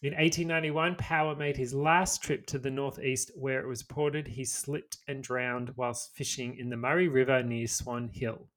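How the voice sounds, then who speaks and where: A man's voice: mid-range voice, steady tone, moderate pace, hardly any pauses, a bit bright. An Australian man co-hosting a podcast, reading a history story aloud and dropping into casual, sweary banter. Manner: storytelling read with swearing asides. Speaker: podcast co-host.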